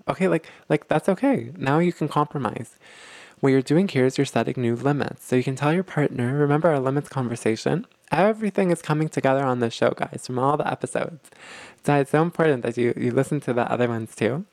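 A man's voice: mid-range voice, fairly quick, creaky, darkish tone, no echo. A man hosting a relationship advice show, talking his listeners through advice in a conversational way, repeating himself and often checking in with "okay?".

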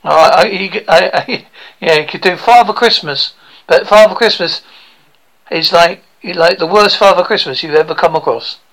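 A man hosting a radio show, chatting casually in a halting way. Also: high voice, a bit bright, rough recording. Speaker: radio host. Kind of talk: casual chat.

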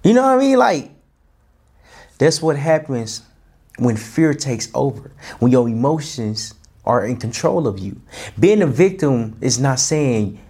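A man telling a childhood story in a casual, animated way, often restarting and repeating himself. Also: mid-range voice, unhurried, husky. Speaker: host. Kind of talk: personal storytelling talk.

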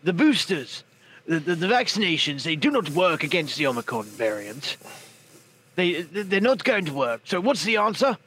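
A man doing a comic impression of a pompous, stammering male politician making announcements, with a husky voice. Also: a little high, big pitch swings, normal speed, a bit bright, full character voice.

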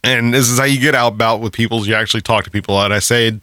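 Fast and barely pausing, a thirties-aged man speaks in a mid-range, bright, forceful voice with fairly even intonation. He's a podcast co-host trading casual banter, rambling through stories with lots of swearing and frequent laughter, in clean studio sound without room noise.

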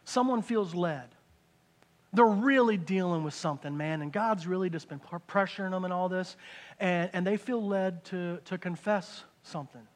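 A man preaching a conversational sermon, dropping into hushed asides and rising into loud excited bursts. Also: high-pitched. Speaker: pastor.

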